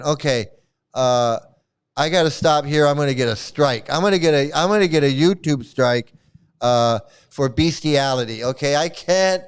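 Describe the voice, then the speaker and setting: A man's voice: a little high, moderate pace, clean tone. Giggly man reading aloud. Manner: giggly, keeps breaking into laughter, swears. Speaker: channel host. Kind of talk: casual commentary and reading aloud.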